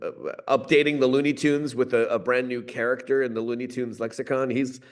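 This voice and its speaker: A man's voice: medium pitch, flat delivery, a little fast. A male voice actor answers interview questions in an easygoing, joking manner. His speaking voice sits in a middle range. He talks casually between bits. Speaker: voice actor guest.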